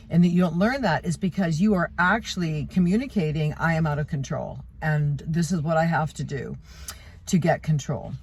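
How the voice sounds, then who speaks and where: A woman's voice: on the low side, slightly rough. A middle-aged woman giving an unscripted talk on communication, conversational and emphatic, with fillers and restarts. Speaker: self-development speaker.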